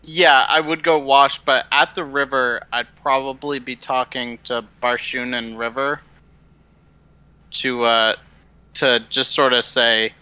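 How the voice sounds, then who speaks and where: Crisp, flat-toned male player. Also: medium pitch, slow, rough recording. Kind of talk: casual tabletop play.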